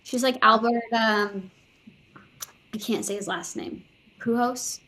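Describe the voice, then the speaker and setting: A young adult woman, a podcast guest, telling a personal story in casual conversation, full of "like"s and lively quoted voices. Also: medium pitch, a little slow. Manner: chatty, filler-heavy retelling with many "like"s, quoting others in lively voices.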